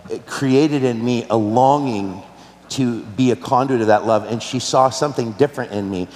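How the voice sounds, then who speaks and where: Male pastor, earnest, personal sermon delivery, preaching in a big roomy church with long reverb. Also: mid-range voice. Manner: earnest, personal storytelling with rhetorical questions. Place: large church hall.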